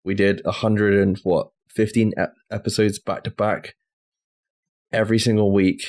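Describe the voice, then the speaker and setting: A man hosting a gaming podcast in a relaxed, joking way, swearing casually. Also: fairly low pitch, moderate pace. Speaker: podcast host.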